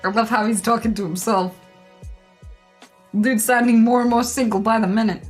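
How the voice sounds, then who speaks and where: A woman with a fairly high voice reads memes aloud on her stream and reacts to each one. She laughs often, swears freely and throws in quick asides. Faint music plays behind her. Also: fairly even intonation.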